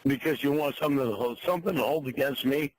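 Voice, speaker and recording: A man's voice: mid-range voice, quick pace, no echo. A drunk man on a phone call, stammering and repeating himself as he throws out angry accusations. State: drunk, slurring. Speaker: prank call target.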